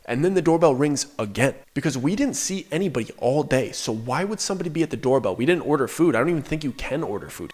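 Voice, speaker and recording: Young guy telling a creepy true story, chatty and animated, mid pitch. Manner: casual, conversational, animated retelling. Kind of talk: first-person horror story narration.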